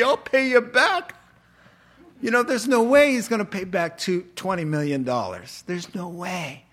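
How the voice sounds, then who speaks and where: A man preaching a sermon, telling a story and acting out the characters' lines with animated delivery. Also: medium pitch. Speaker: pastor.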